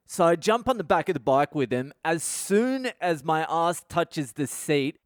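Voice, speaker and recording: An Australian man in his thirties hosting a podcast, telling a crude, animated story full of swearing. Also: fairly high pitch, smooth, no room sound, studio quality. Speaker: podcast host. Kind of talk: storytelling monologue.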